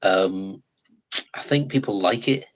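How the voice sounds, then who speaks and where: An English man in his forties, a guest in a casual live chat, talking in a chatty, animated way and laughing often. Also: sits low, takes it slowly, poor audio. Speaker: guest actor.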